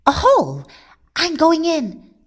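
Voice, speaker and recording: Casting: excitable greedy rabbit boy, high and squeaky, swooping all over, voiced by a woman reader. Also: slow, exaggerated voice. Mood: whiny.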